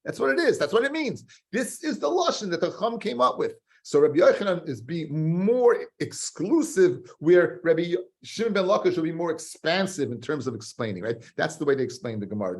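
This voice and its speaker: A man teaching a Talmud lesson, his voice sitting a little high for a man. He swings from loud, stressed points down to quiet, earnest asides. He repeats key phrases and drops Hebrew and Aramaic terms into his English. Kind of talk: Talmud study lecture.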